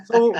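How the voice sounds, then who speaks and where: An upbeat emcee introducing acts at an online comedy show over a video call. The pace is unhurried, with steady audience coaxing between introductions. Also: highs cut off.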